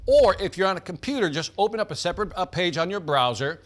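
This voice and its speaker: A man's voice: sits high, animated, quick pace. A man hosting a live sales team quiz, hyped and joking, calling out players by name.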